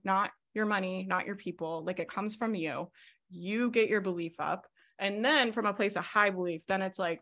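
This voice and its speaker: A woman coaching a student over a video call, her voice bright and forward. She talks quickly and animatedly and uses lots of fillers. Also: medium pitch. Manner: fast, animated, filler-heavy coaching talk. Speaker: business coach.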